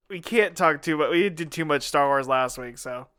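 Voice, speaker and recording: A man co-hosting a comedy podcast, joking and quick to laugh in casual chat. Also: fairly high pitch, sharp tone, clear, resonant tone. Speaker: podcast co-host.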